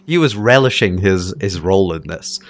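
A man's voice: sits low, lively intonation, moderate pace, dry recording. A man with an accent that is part Scottish and part English, chatting casually and rambling with many fillers and restarts. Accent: mixed Scottish and English. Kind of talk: casual chat.

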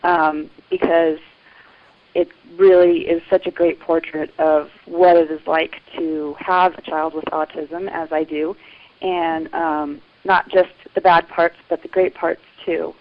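A woman's voice: low-pitched, flat delivery, slow. A woman caller leaving a chatty, rambling voicemail over a phone line. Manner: chatty, rambling with many ums. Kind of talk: voicemail message.

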